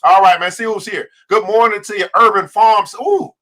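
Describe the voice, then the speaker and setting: He's a male livestream finance host whose high, bright voice carries real force, though his intonation stays fairly even and his speed normal. He preaches with fired-up energy, drawing out key words, and talks right to his viewers, calling them by name.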